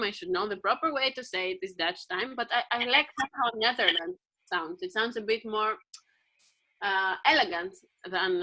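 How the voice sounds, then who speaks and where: A woman's voice: medium pitch, bright, forceful tone, poor audio. A woman performing an improvised spoken piece over a video call, musing, rambling and asking questions aloud.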